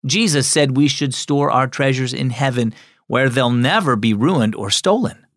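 A man voicing a calm father who gently teases and instructs his son in a children's story. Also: mid-range voice, moderate pace, dry recording, studio quality. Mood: gentle.

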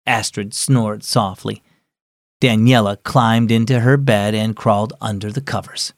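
A man's voice: lowish voice, fairly even intonation, a little slow, no room sound, studio quality. A man hosting a children's devotional, reading a story in scripted narration, earnest and friendly toward kids.

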